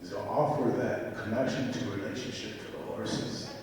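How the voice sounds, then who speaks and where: A man's voice: on the low side, steady tone, normal speed. A man from the Dakota region giving a reflective, emotional personal talk about horse therapy at a university event. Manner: earnest, reflective, emotional storytelling. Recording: echoey hall, voice far from mic.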